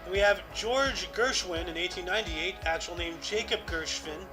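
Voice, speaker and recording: A man's voice: high voice, normal speed, pushed and bright, rough recording. A man co-hosting a casual podcast, reading historical dates and rambling with lots of fillers. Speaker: podcast co-host. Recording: music playing underneath. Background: music.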